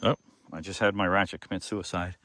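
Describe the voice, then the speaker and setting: A man's voice: low-pitched, fairly even intonation, fairly quick, background noise. A man narrating to himself while building outdoors on a slope, wry and joking, a little short of breath. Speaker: DIY builder vlogger. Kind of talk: casual self-narration while working.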